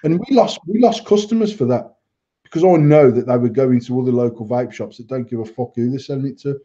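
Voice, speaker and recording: Fairly quick and dark-toned at medium pitch, this middle-aged vape shop owner rambles through casual podcast banter as a co-host, blunt and full of swearing. The recording has a dull, lo-fi quality.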